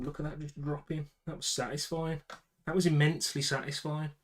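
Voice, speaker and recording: A medium-pitched British man mutters asides and chats casually to himself and the camera while putting a computer together. It's a roughly recorded PC build vlog.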